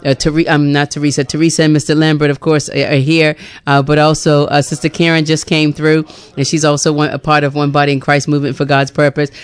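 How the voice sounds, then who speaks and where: A woman hosting a radio talk show, effusive and quick to laugh, from Bermuda. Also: sits low, level tone, clear, resonant tone. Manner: warm, effusive, laughing often. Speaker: radio host.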